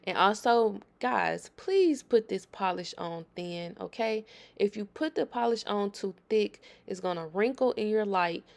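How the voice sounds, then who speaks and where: A woman's voice: medium pitch, a little slow, gravelly, a little mellow. A woman hosting a nail tutorial, talking viewers through her work in a chatty, emphatic voice-over.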